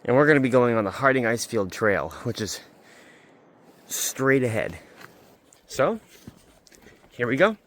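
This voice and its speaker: A young man vlogging as he hikes up a mountain trail. He is out of breath and chatty, and he repeats himself when something excites him. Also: mid-range voice, measured pace, pauses often. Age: young adult. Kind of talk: casual hiking vlog.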